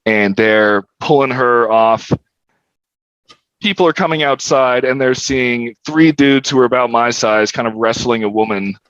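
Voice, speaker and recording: A young man with a lowish, dry voice tells a story on a podcast, candid and wry, swearing freely. The sound is a little dull and lo-fi. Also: a bit bright, clean tone, no echo. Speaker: podcast guest. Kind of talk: casual storytelling.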